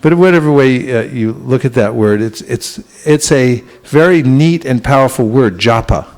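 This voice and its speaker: A man giving a spiritual talk to a congregation in a temple, speaking gently and unhurriedly, with frequent restarts and questions to his listeners. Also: medium pitch, normal speed. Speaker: spiritual teacher. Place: temple hall.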